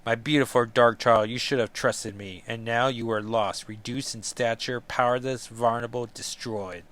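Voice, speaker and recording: A man's voice: mid-range voice, fairly even intonation, moderate pace, fairly bright tone, natural voice. A man voicing a scheming male demon lord who gloats grandly over his plans. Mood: gloating. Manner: grandiose, gloating villain speech.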